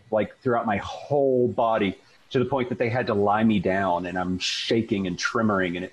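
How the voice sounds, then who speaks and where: Husky low-voiced man telling a story. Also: rough recording. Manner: chatty, filler-heavy, animated retelling. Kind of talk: casual storytelling.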